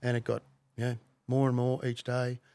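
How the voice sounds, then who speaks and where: A middle-aged man, a podcast guest telling his story bluntly, with plenty of swearing and halting fillers. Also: mid-range voice, completely flat delivery, mellow, clear, resonant tone, dry recording, clean studio sound. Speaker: podcast guest, former undercover cop. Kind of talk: casual conversational storytelling.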